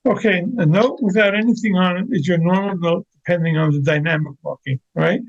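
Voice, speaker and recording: Older guy explaining drum stuff, gravelly, kinda raspy, a bit high, lo-fi audio. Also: brisk. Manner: repeats words, demonstrates as he explains. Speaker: interview guest, orchestral percussionist. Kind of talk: explaining, teaching. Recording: lo-fi, dull sound.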